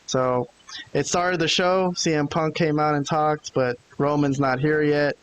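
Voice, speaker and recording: A man's voice: on the high side, measured pace, a little hiss or hum, low-quality recording. A man co-hosting a podcast, recapping the week casually and acting out what people said. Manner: animated storyteller, acting out quotes. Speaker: podcast co-host. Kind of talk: casual wrestling recap chat.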